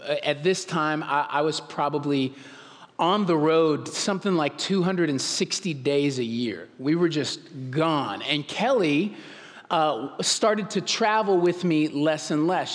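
A pastor telling a humorous personal story in a casual sermon, often restarting his sentences. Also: high voice. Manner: conversational, humorous, self-interrupting. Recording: long hall reverb.

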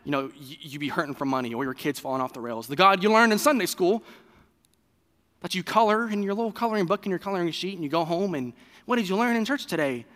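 A pastor preaches loosely and conversationally, full of fillers and quick restarts. His fairly high voice is bright and forceful with lively intonation, and a long reverb trails after his words.

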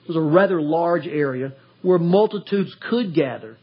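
A man's voice: fairly high pitch, moderate pace, slightly rough, muffled recording. A man from Tennessee preaching a verse-by-verse sermon, acting out quotes in a raised voice. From Tennessee, USA. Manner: animated, acts out quotes in a raised voice. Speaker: pastor. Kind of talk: expository sermon.

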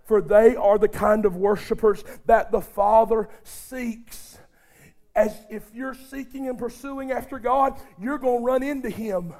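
A male preacher with a strikingly high voice delivers a sermon. He goes from near-whispered intimacy up to shouted fervor and keeps calling on the congregation to respond. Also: steady tone, a little slow. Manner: addresses the congregation directly, calls for responses.

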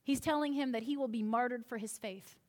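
A woman's voice: on the high side, brisk. A woman preacher delivering a sermon in a conversational way, retelling a scripture story with asides to the listeners.

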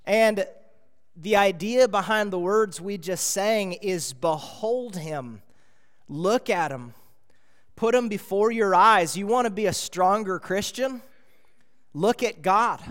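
A man's voice: high voice, slow, fairly bright tone. A man preaching a sermon as pastor, emphatic, with repeated rhetorical questions. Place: church sanctuary. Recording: church hall reverb.

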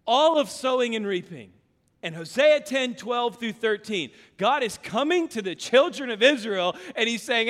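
A man preaching a sermon as pastor, telling a family story and building to shouted appeals. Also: very high voice, sing-song, normal speed. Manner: storytelling, acting out his son, rising to shouted appeals. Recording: long hall reverb.

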